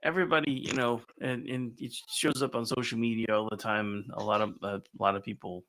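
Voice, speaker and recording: A man's voice: mid-range voice, fairly even intonation, brisk, a bit bright, dry recording, low-quality recording. A man co-hosting a casual radio chat show in a studio, teasing his co-host playfully. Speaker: radio co-host, ordained minister.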